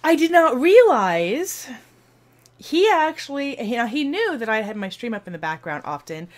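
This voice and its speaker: A woman streamer telling a rambling, animated story to her viewers, acting out the voices as she goes. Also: a little high, moderate pace. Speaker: streamer and video host.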